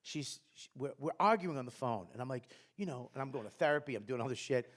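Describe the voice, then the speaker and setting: Profane, rambling middle-aged comedian. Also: male voice, mid-range voice, expressive, fast talker. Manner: rambling, profane, self-deprecating. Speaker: guest comedian. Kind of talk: live podcast chat. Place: live comedy festival stage before an audience.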